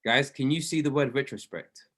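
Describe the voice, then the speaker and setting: A man's voice: medium pitch, normal speed, a bit bright. A man coaching traders on an online group call, emphatic and preachy, hammering key phrases by repeating them. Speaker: trading mentor.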